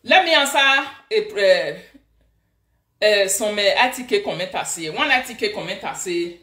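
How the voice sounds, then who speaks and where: A woman with a Nigerian accent hosting a live video as a social media influencer, talking in an animated, scolding, emphatic way. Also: medium pitch, normal speed, far from the mic. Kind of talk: casual live-stream rant. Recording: echoey room, away from the mic.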